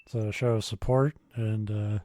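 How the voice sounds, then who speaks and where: A man's voice: lowish voice, steady tone, normal speed, mellow, dry recording. A man co-hosting a podcast in casual chat, tossing in dry jokes and swearing freely. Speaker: podcast co-host.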